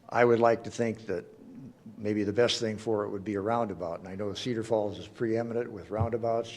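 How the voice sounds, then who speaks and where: A man speaking during public comment at a city council meeting, earnest and pleading, in short halting phrases at a podium microphone. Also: on the low side, darkish tone.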